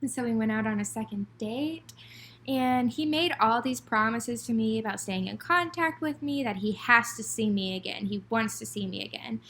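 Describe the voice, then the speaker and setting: A bright, lively young woman in her twenties tells a dating story on a casual podcast, giggling and gushing as she goes. She speaks with a slightly high voice and fills her talk with "like". Her words spill out in bursts. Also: normal speed, a little hiss or hum. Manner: gushing, giggly, heavy use of "like". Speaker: podcast co-host.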